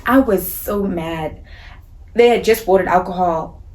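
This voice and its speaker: A young woman from South Africa telling a storytime vlog in an animated, indignant way, acting out the other people's lines as she goes. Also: lowish voice, measured pace. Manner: animated, indignant retelling with quoted dialogue. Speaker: vlogger.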